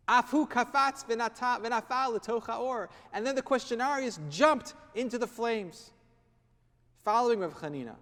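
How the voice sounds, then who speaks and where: A rabbi giving a sermon, telling a story with dramatic pauses and quoting Hebrew and Aramaic passages. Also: male voice, very high-pitched, fairly bright tone, long reverb tail. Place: office.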